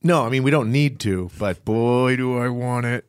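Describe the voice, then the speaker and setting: A man who is a comedian co-hosting a podcast in a studio, making absurd deadpan jokes in casual chat. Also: medium pitch, moderate pace, clean tone.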